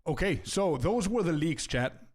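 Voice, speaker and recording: A man's voice: a little high, expressive, measured pace, a little mellow, husky. A young man streaming, chatting casually with his viewers and thanking donors. He laughs often, stumbles into restarts, and keeps calling people bro and dude.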